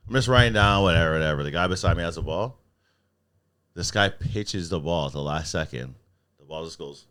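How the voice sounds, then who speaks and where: A man co-hosting a podcast in casual sports chat, swearing freely and telling stories with animation. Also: fairly low pitch. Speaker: podcast co-host.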